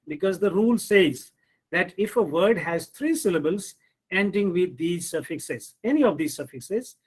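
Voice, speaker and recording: Slow, high-voiced professor drilling words. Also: male voice, husky, poor audio. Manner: drills words one by one, asks and answers his own questions. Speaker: professor teaching pronunciation. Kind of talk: online English pronunciation lesson.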